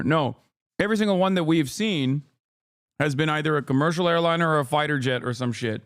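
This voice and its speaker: A man's voice: on the high side, lively intonation, a little fast. A male livestream host giving combative, sarcastic and profane reaction commentary.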